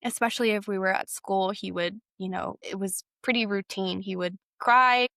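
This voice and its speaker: A woman's voice: mid-range voice, vocal fry, a bit bright, no echo. Young woman telling her story, dry. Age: young adult. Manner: hesitant, with frequent fillers and self-corrections. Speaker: guest sharing a personal story. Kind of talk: candid personal storytelling.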